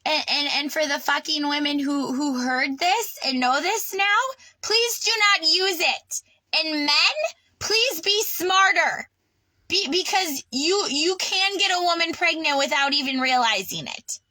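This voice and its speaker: A woman's voice: sits high, a little slow, bright, forceful tone, no echo, low-quality recording. A woman ranting in an unscripted personal vlog, agitated and swearing, with stammering restarts. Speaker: vlogger. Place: on her sailboat.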